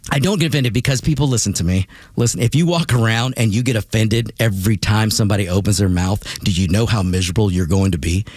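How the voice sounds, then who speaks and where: A man hosting a talk radio show in a studio, delivering an animated monologue full of stammered restarts and repeated words. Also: lowish voice, quick pace, hardly any pauses, no room sound. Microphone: studio microphone.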